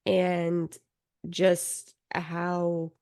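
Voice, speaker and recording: Unhurried woman co-host with a gravelly voice, recorded dry and close, casual storytelling. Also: fairly low pitch, completely flat delivery, a little mellow, no room sound. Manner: unhurried storytelling, trailing pauses. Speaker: podcast co-host. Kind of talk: casual chat.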